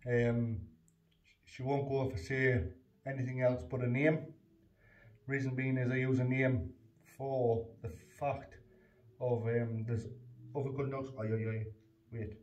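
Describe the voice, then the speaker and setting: A man talks through his dog training in a loose, rambling way, full of fillers. His voice sounds mellow and a bit dark. It is recorded on a phone set down away from him in a roomy hallway, with a faint hiss behind. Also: medium pitch, little pitch movement, a little slow, pauses often, distant mic, muffled recording. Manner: plain, rambling, lots of fillers, short firm commands to the dog. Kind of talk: casual training demonstration. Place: indoors in a house hallway. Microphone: phone on the stairs, away from him.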